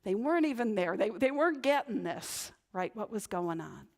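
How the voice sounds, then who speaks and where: A woman's voice: mid-range voice, very animated, moderate pace, darkish tone. A woman pastor giving a conversational sermon, often tagging her points with "right?". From Northern New England. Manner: conversational, chatty, frequent "right?" tag questions. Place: church.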